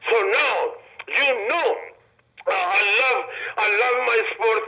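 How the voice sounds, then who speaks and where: A man's voice: very high voice, slow, soft background music. An older man from Iran, a guest calling in, speaking broken English and effusively repeating blessings and thanks. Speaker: phone-in guest, retired wrestler. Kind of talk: phone interview. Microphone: telephone. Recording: dull lo-fi phone line.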